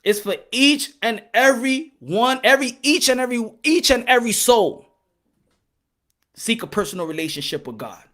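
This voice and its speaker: A man hosting a boxing channel, delivering impassioned, preachy commentary and switching between English and Spanish, rising to shouts when worked up. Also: very high voice, animated, normal speed.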